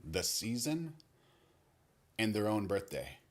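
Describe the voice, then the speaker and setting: A man's voice: on the low side, sing-song, slow. A man voicing a self-aware, honest young woman who jokes wryly at her own expense. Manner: wry, self-deprecating.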